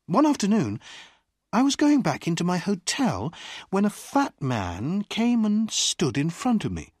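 An audiobook narrator reading a story in clear, deliberate first person on a close studio mic. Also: mid-range voice, huge pitch swings, a little mellow, no room sound. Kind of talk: scripted narration.

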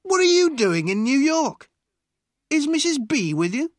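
A reader voicing a loud, jovial fat man greeting an old acquaintance in an audiobook. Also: high voice, sing-song, unhurried, no room sound, studio quality, pitched above the performer's own voice. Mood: hearty.

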